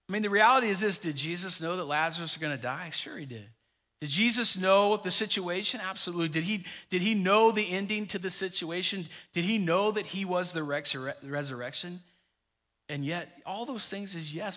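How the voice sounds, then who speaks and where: A pastor preaching a sermon with emphatic repetition, dropping quiet for scripture. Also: male voice, high voice.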